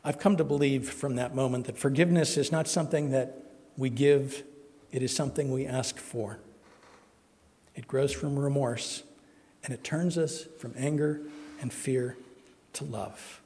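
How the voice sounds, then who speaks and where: A male minister telling an emotional personal story during a sermon, with soft, tender quoted voices. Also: medium pitch, fairly even intonation, a little slow. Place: church sanctuary. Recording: long hall reverb.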